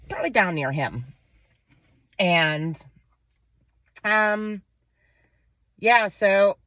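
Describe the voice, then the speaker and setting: This Pennsylvania woman in her thirties has a lowish voice and tells a casual, profane story about her kid, animatedly quoting the people involved. The recording is dull, lo-fi and dry, with no echo.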